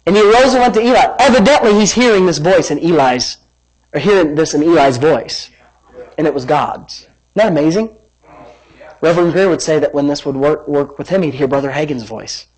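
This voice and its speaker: A man preaching a sermon as pastor, reading scripture with lively emphasis and wandering into personal asides. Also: on the high side, brisk, rough recording. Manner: animated, dramatic scripture reading with rising emphasis; rambling asides and self-corrections.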